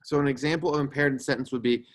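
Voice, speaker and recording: A man's voice: medium pitch, steady tone, very fast. A young man teaching a grammar lesson to a class, explaining patiently and checking in with "right?" as he goes.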